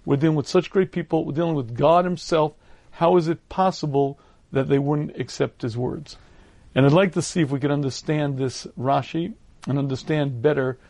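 Male Torah lecturer, slightly high voice, dry recording, steady teaching delivery with frequent throat-clearing. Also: dry recording. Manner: measured, explanatory delivery.

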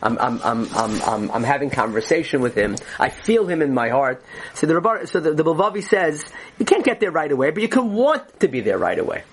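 Lively, earnest man teaching Torah. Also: on the high side, brisk, slightly rough, rough recording. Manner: earnest, explanatory, restarts phrases often. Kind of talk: Torah class lecture.

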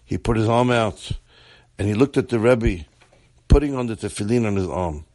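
A man telling a story in a measured, deliberate way. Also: lowish voice, a little mellow, no echo.

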